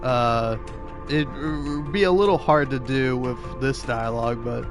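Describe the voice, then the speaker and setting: A gaming streamer in his twenties chats casually while playing, rambling, stammering and laughing often. His mid-range voice moves at a measured pace over music.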